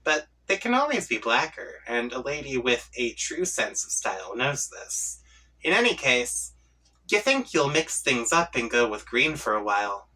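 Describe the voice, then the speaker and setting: A man's voice: mid-range voice, big pitch swings, normal speed, pushed and bright, recorded from a distance, rough recording. A man reading a webcomic aloud, reacting as he goes and playfully voicing the chat lines. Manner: playful, reads chat lines in voices and laughs along. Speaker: comic reading channel host.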